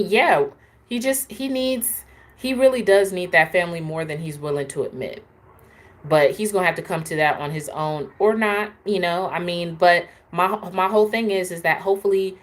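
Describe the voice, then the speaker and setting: A woman hosting a casual, opinionated live chat, talking straight to her viewers. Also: sits low. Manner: chatty, opinionated, answers viewers. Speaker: host.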